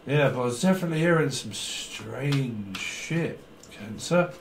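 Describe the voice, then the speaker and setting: A man's voice: mid-range voice, moderate pace, echoey room, a little hiss or hum. A man doing a tarot reading, rambling and jokey, often giggling. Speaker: tarot reader.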